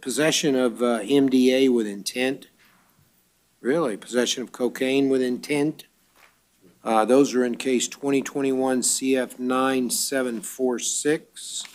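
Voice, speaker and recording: Brisk judge with dry wit, man. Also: mid-range voice. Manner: brisk procedural reading, dry wisecracks. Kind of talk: court bond hearing. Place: courtroom.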